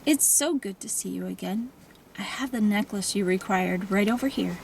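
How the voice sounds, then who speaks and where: A woman's voice: medium pitch, vocal fry, slight background noise, close to an everyday voice, rough recording. A woman doing a formal French jeweler. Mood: welcoming. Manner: formal, reverent, slow and hushed. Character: older silver-haired male French jeweler, formal. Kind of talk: audiobook character reading.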